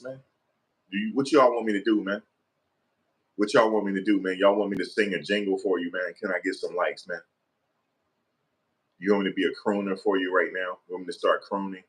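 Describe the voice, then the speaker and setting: Deep-voiced man begging for likes. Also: brisk, pauses often. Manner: animated, slangy, begging viewers for likes. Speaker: online commentator. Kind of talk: casual vlog commentary.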